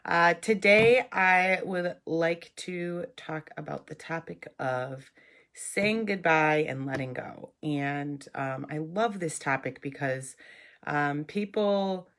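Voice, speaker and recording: A woman's voice: deep voice, slow pace, fairly bright tone. A woman hosting her own live stream, talking casually and reflectively, with a nasal voice from a cold and many ums and restarts.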